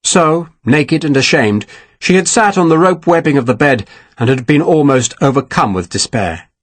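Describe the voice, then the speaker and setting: A man narrating an audiobook with a dramatic, expressive reading. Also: fairly high pitch, normal speed, dry recording. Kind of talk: scripted narration.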